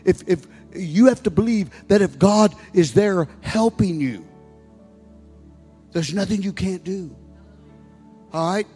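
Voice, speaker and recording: A man in his sixties, a pastor preaching a sermon and building to loud exhortation. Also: sits high, slow pace, pauses often, slightly rough. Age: 60s. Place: church sanctuary. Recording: long reverb of a large hall with music.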